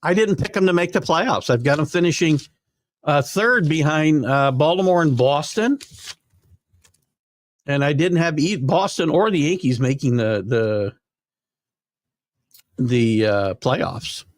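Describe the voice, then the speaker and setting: A man's voice: on the high side, animated, a little slow, long pauses, dry recording, studio quality. An older man hosting a live sports talk show, chatting casually and rambling with fillers while reading viewer comments. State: hiccups.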